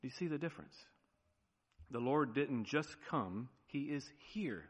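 A man preaching a sermon as pastor, animated, with sudden drops to a quiet, emphatic tone. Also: mid-range voice, unhurried, slightly rough, in a large hall, lo-fi sound.

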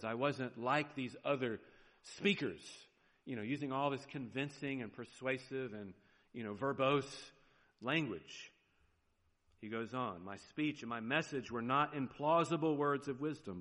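A male pastor with a Southern US accent delivers a sermon in a conversational, explanatory manner, often posing rhetorical questions. His mid-pitched voice rings out through a church space with a long reverb tail. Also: moderate pace, fairly bright tone.

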